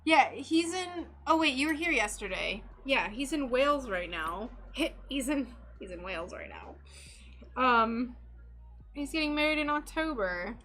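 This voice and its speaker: A woman's voice: high-pitched, animated, measured pace, a bit bright, faint music behind. A young woman chatting casually with her live-stream viewers while she works, bubbly and gushing. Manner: bubbly and gushing, talks to chat. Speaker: stained glass streamer.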